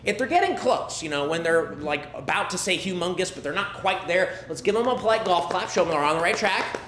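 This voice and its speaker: A man's voice: high voice, expressive, fairly quick, fairly bright tone. A man hosts a live improv comedy night, his voice swinging up and down as he rallies the audience with upbeat calls. He sounds roomy and echoey through a handheld stage mic, with plenty of crowd noise behind him in the theatre. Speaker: host of improv show. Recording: echoey room, noisy audience.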